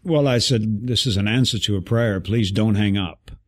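A man guest telling an animated story in an interview, acting out the voices of people he quotes. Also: lowish voice, normal speed.

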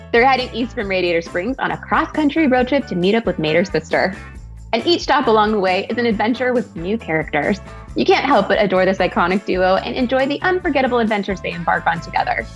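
Bubbly woman host, lively pitch. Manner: bubbly, gushing. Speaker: show host. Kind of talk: upbeat presenter interview.

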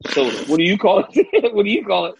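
Louisiana-raised co-host: high, husky voice, animated storyteller who laughs a lot, dry lo-fi sound. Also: male voice, fast, no echo. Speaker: co-host and fight analyst. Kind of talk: casual chat.

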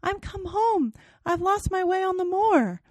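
A sobbing ghost child pleading at a window in a thin, high wail, as a woman reading aloud puts her on. The voice sits far above a normal speaking voice and sounds set back from the microphone, in a dry room. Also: lively intonation, a little slow, no room sound.

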